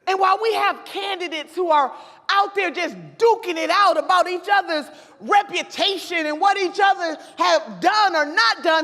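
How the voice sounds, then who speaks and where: A woman's voice: extremely high pitch, moderate pace, bright, forceful tone. Woman, political speech, fiery preacher-style cadence, podium mic, echoing convention hall. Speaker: convention speaker. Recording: long hall reverb.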